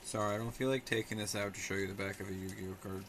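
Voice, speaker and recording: A man's voice: on the low side, flat delivery, fast talker, fairly bright tone, slight background noise. A young man rambling sarcastically on a casual live stream while he talks back to his chat.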